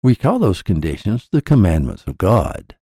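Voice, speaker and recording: A man narrating a scripted religious teaching podcast in measured, declarative statements. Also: sits low, huge pitch swings, dark tone, breathy edge, no echo, clean studio sound.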